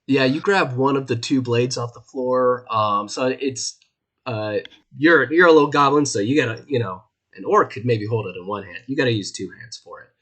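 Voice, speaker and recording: A man narrating a tabletop game as game master in a relaxed, hesitant way. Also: medium pitch, moderate pace.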